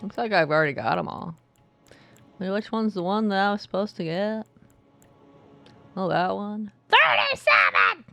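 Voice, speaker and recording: A woman's voice: medium pitch, normal speed, creaky, long pauses, soft background music. A woman streaming a video game, giving casual commentary with sardonic, muttered asides and swearing.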